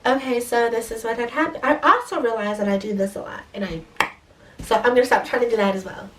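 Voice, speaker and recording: A young woman with a stuffy nose tells a story at speed, swearing freely and staying animated the whole way. Her voice sits fairly high, and the mic is a little way off. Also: distant mic, noisy background. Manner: fast talking, profane, animated. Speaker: vlogger. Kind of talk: casual storytime.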